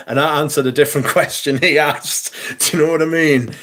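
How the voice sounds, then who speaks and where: A middle-aged man, telling an animated, swear-filled story on a casual livestream. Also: fairly high pitch, moderate pace. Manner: swearing, animated anecdote with quoted voices. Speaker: livestream host.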